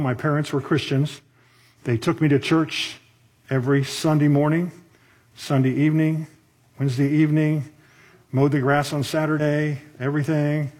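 A man's voice: a little high, husky. A middle-aged man pastor preaching a sermon in a conversational way, with asides and rhetorical questions.

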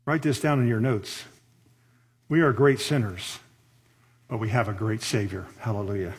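A man's voice: fairly low pitch, steady tone, normal speed, slightly rough. A middle-aged man pastor preaching a sermon in a conversational way, with asides and rhetorical questions.

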